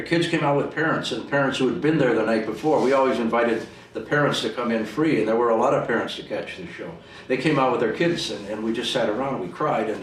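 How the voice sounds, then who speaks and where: A former radio disc jockey, a man, recalling a shocking day in a documentary interview, his voice sinking as he gets emotional. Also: on the low side. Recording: roomy distant mic with faint hiss.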